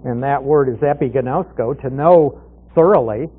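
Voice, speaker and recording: A man's voice: medium pitch, moderate pace. A man teaching through a Bible passage verse by verse, in a conversational way, asking questions and answering them himself. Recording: tinny phone-like radio broadcast.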